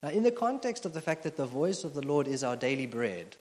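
A man's voice: on the high side, sing-song, brisk, darkish tone. A man preaching a sermon as the church's pastor, conversational and joking, with plenty of fillers. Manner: conversational, self-deprecating humor, frequent fillers. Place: church auditorium. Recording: long hall reverb from a church PA.

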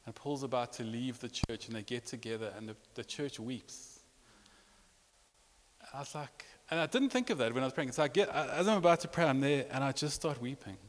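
A man's voice: medium pitch, fairly quick. A man preaching a sermon, telling a personal story with repetitions and rising emotion. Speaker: pastor. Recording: long reverb of a large hall.

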